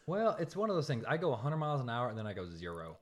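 A jet-lagged man talking in a loose, rambling chat. His voice jumps up into loud, animated bursts, then sinks into low, tired murmurs. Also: racing. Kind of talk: casual chat.

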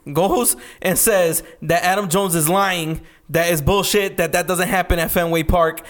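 Young male co-host, high voice, profane, animated, casual chat. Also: unhurried. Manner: profane, animated, laughs often. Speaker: podcast co-host.

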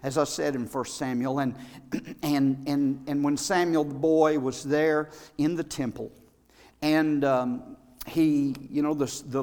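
A man preaching a sermon in a church, folksy and repetitive, building from quiet storytelling to shouted fervor. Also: on the high side. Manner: folksy, repeats words. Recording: long hall reverb.

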